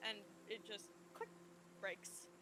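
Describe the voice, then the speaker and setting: A woman's voice: mid-range voice, lively intonation, takes it slowly, pushed and bright, slight background noise. A woman running a tabletop game as game master, asking players for rolls and laughing often.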